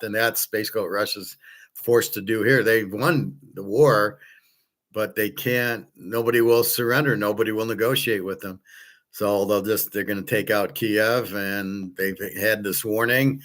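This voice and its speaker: Blunt, rambling man with a low voice. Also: moderate pace, a bit bright. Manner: blunt and profane, with frequent fillers and restarts; acts out both sides of imagined conversations. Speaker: sports handicapper and commentator. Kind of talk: rambling casual monologue.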